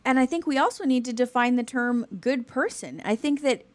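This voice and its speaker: A young adult woman co-hosting a podcast, talking in an earnest, animated way in casual faith discussion. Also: high-pitched, fairly quick, no room sound. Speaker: podcast co-host.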